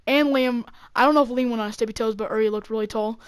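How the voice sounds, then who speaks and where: Young female storyteller, high-ish voice, rambling and full of fillers, dry close sound. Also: fairly even intonation, quick pace, clean tone, no room sound. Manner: rambling, filler-heavy, laughing between lines. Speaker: YouTuber. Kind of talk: casual storytelling.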